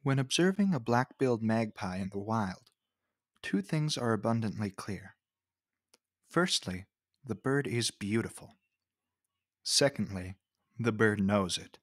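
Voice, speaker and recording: A man giving scripted narration for a nature video, with a wry, measured storytelling manner. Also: on the low side, lively intonation, no room sound, studio quality.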